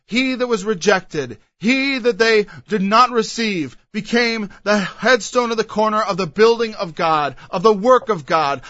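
Male preacher, high bright voice, reads verse then expounds, dry and slightly dull recording. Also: no echo. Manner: reads scripture aloud, then explains it with emphatic asides. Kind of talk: expository Bible sermon.

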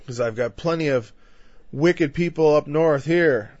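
A man preaching a conversational Bible-teaching sermon. He is emphatic, builds louder through lists and drops in frequent "you know" asides. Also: on the high side, a little slow, no room sound. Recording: dull, dry lo-fi recording.

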